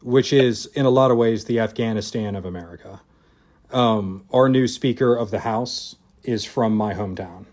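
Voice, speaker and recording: A man's voice: lowish voice, normal speed, darkish tone. A man from Louisiana hosting a podcast interview, speaking hesitantly with frequent restarts. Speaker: podcast host. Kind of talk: casual interview chat.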